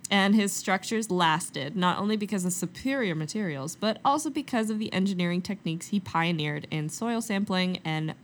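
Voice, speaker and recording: A woman's voice: lowish voice, moderate pace, few pauses, a little hiss or hum. Giggly young woman hosting a history podcast. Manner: giggly, playful, reads facts then jokes. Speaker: podcast co-host. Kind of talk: casual history chat.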